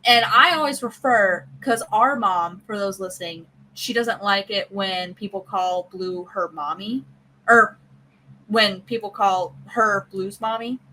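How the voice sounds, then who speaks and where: A woman from the American South hosting a podcast, chatting casually and telling stories with lively voice play. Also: medium pitch, unhurried, a little hiss or hum, low-quality recording. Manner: chatty, animated storytelling with voice play. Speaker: podcast host. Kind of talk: casual chat.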